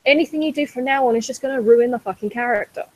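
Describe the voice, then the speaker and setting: A woman's voice: fairly high pitch, fast, darkish tone, rough recording. A woman on a podcast in casual chat, ranting in an exasperated, sweary way. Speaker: podcast co-host.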